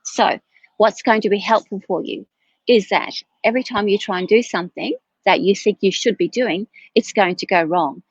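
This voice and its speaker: A woman's voice: medium pitch, normal speed, slightly rough, dry recording. Woman tarot reader on a live stream, tired and talkative, mid-range voice, muffled and dry audio. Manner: chatty, rambling, self-correcting.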